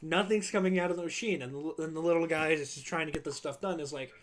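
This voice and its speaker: A man's voice: fairly high pitch, fast talker, few pauses, crowd noise. A young man streaming, telling a long work story casually and acting out the people in it. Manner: animated, acts out quoted people in voices.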